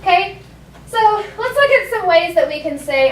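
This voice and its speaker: A woman teaching a classroom language lesson, modeling phrases slowly so students can echo them. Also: very high voice, animated, a little hiss or hum. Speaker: elementary school teacher. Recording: echoey classroom from far off.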